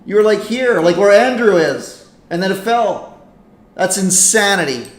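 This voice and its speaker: A high-voiced man hosts a live stream, chatting in an unhurried, drawn-out way and getting excitable as he calls out names. His voice rings in an echoey room with a faint hiss behind it. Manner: chatty, excitable, reacts loudly to a game. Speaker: livestream host. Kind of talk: casual live-stream commentary.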